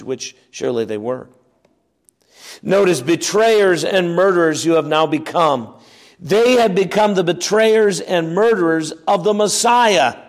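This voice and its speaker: A man teaching the Bible verse by verse, reading passages aloud and explaining them with emphasis. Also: on the high side. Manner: emphatic, reads scripture aloud then explains it.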